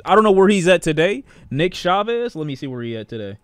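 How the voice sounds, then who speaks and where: A man reacting live to clips on a stream, talking in a slangy, profane, animated way. His voice sits a bit high for a man and jumps all over the place. The sound is dry and close. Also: fast talker, clear, resonant tone, dry recording.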